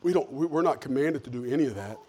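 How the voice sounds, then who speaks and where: A middle-aged man, a pastor preaching a sermon, telling stories in a folksy way with lively swings in loudness. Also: medium pitch, fast talker, husky.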